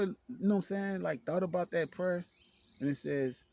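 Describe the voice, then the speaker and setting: A man's voice: fairly high pitch, normal speed, dry recording. A man giving an earnest, emphatic self-help talk, repeating phrases for emphasis. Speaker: motivational speaker. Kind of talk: self-help video monologue.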